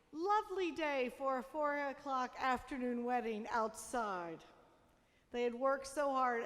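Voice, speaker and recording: A woman's voice: high voice, a bit bright. A woman pastor reading scripture and preaching, in a church sanctuary. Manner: chatty storytelling with laughs. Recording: long reverb of a church hall.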